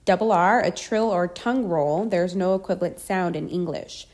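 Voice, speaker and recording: A woman reading a scripted pronunciation lesson, deliberately enunciating each example word. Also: on the low side, a little mellow. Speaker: language teacher.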